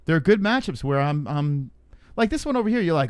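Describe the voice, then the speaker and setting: A man co-hosting a casual podcast, animated and cursing freely as he runs through fight picks. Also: on the high side, fairly quick, clean tone, no echo, clean studio sound. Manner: animated, swears often, mocks critics. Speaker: co-host.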